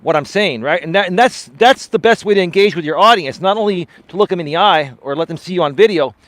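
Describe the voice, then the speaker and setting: Male life coach hosting a live stream outdoors; animated, passionate delivery with a fairly high voice and frequent "right?" tags. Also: fast talker, no room sound. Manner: expressive, swinging pitch up and down, often tags "right?". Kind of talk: live-stream chat answering viewer comments. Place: outdoors on a walk.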